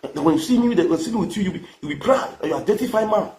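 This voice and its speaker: Racing through a crude, boastful, mocking rant to camera, a male vlogger with a Nigerian accent keeps repeating his lines. His voice sits high and darkish, with expressive delivery.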